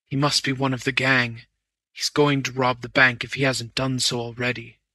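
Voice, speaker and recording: A man's voice: mid-range voice, little pitch movement, bright, forceful tone, dry recording. A man doing a faint, wounded bank manager. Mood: earnest. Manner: faint, halting, slow phrases. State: weak and breathless. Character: wounded, exhausted male bank manager, weak but earnest.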